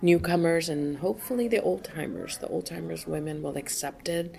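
A woman with a low, brisk, creaky, and mellow voice answers interview questions at a conference. An AA member attending the event, she is effusive and full of exclamations.

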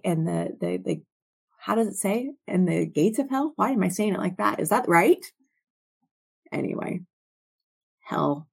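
A woman teaching from scripture in a slow, reflective way, sometimes dropping to soft near-whispers. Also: lowish voice, vocal fry, husky. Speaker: Bible teacher.

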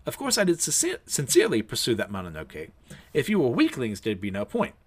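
A man's voice: mid-range voice, wildly swooping pitch, fairly quick, slightly rough. A man voicing a stern, ambitious young female samurai who speaks bluntly and in a businesslike way.

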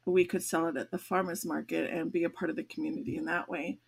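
A woman's voice: deep voice, level tone, fast, gravelly, breathy edge. Chatty older woman hosting a podcast. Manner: chatty, rambling with fillers and restarts. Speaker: podcast host. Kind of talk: casual chat.

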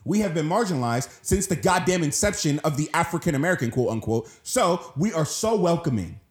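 A man's voice: a little high, expressive, fairly quick. A man co-hosting a podcast, ranting with passion and swearing freely in a heated discussion. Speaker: podcast co-host. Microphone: studio podcast mic. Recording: echoey room.

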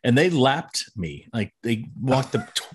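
Lively, animated man co-hosting a podcast. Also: mid-range voice, measured pace, slightly rough. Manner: animated, laughing storyteller. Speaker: podcast co-host. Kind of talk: casual chat.

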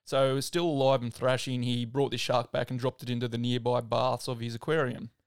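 An Australian man hosting a podcast, retelling a true story in a relaxed way, full of "like". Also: mid-range voice, a little fast, smooth, no echo, studio quality. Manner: relaxed, filler-heavy retelling with "like". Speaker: podcast host. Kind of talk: casual storytelling.

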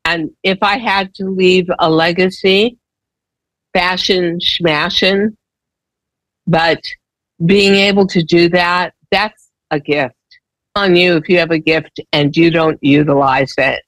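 A woman's voice: on the low side, fairly even intonation, slow pace, dry recording, poor audio. A woman sharing personal stories as a guest in a conversation, candid, emotional and emphatic.

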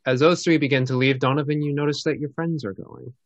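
A man's voice: mid-range voice, steady tone, fast, dry recording. Man narrating as game master, muffled mic. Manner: descriptive, hesitant with many ums.

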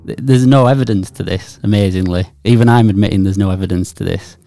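Low-voiced man rambling. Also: fast talker, creaky, warm tone, soft background music. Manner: rambling, jokey, mock-serious theorizing. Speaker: podcast co-host. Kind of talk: casual banter.

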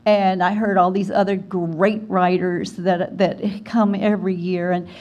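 An older woman from Alabama, telling an animated story as a guest speaker at a writers conference. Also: medium pitch, unhurried, muffled recording. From Alabama, USA. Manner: animated storyteller, acts out quoted voices. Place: conference hall.

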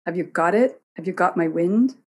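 A woman's voice: fairly low pitch, unhurried, mellow, a little hiss or hum. A woman voicing an irritable, imperious one-eyed male god on a storybook reading. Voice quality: gruff and impatient.

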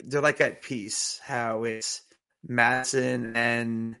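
A man co-hosting a TV recap podcast in a relaxed, chatty way. His voice is gravelly with plenty of vocal fry, at a mid pitch. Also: takes it slowly. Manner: laid-back, laughs often, fillers. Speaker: podcast co-host. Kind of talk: casual TV recap chat.

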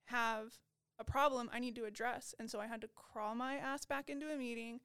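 A woman who is a podcast guest in recovery, telling her story in a lively, casual way and acting out her own past lines, with many "like"s. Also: on the high side, normal speed, clear, resonant tone, no room sound, clean studio sound.

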